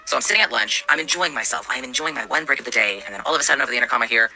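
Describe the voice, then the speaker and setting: Young man, storyteller, sarcastic and profane, quick delivery, very bright tone. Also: mid-range voice, expressive, creaky, low-quality recording. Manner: sarcastic, swears a lot. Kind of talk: casual storytime narration.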